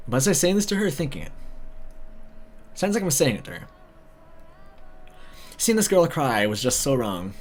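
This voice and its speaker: A man's voice: mid-range voice, moderate pace, long pauses. A man reading a visual novel story aloud, breaking in with sarcastic comments. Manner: sarcastic asides, animated. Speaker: video narrator.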